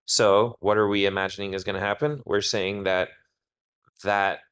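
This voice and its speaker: A man's voice: fairly low pitch, flat delivery, moderate pace, a bit bright, smooth. A man working as an SAT tutor, talking through test questions step by step in a test prep walkthrough. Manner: explanatory, talks through reasoning step by step.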